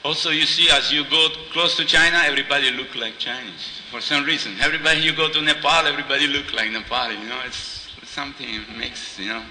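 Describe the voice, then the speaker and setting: Preacher guy, super bright tense voice, storytelling and laughing a lot. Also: medium pitch, fast, hardly any pauses. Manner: animated storyteller, acts out dialogue, laughs often. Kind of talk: informal spiritual talk with anecdotes. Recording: roomy hall echo, faint noise.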